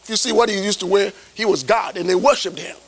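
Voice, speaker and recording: A man's voice: high-pitched, fast talker, gravelly, poor audio. A man preaching a sermon as a bishop, emphatic, tossing rhetorical questions at the congregation.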